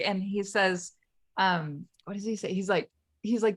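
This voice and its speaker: A woman's voice: medium pitch, fairly even intonation, normal speed. A woman co-hosting a podcast, casually retelling a film scene with frequent laughs and restarts. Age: parent of children. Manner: rambling storyteller, laughs often, retells scenes. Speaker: podcast co-host. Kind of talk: casual conversation.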